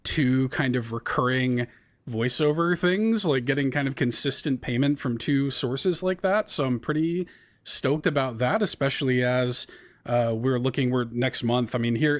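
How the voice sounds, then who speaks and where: A man's voice: mid-range voice, moderate pace. A man co-hosting a casual gaming podcast, rambling with fillers and restarts. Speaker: podcast co-host. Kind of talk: casual chat.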